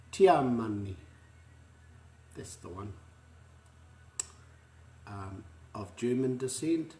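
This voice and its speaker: Slow, patient man with a New Zealand accent. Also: fairly low pitch, mellow, echoey room. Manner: patient, repeats each word slowly for learners. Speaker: language teacher. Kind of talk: online pronunciation lesson.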